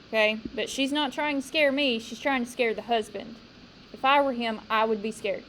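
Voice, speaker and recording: A woman teacher leading a poetry discussion with a class, talking slowly and emphatically and asking the students questions. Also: fairly high pitch, a bit bright, slight background noise, poor audio.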